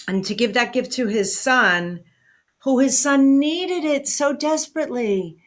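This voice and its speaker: A woman hosting a talk show, speaking with emotion and warm affirmation to her guest. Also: sits high, expressive, unhurried. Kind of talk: interview conversation.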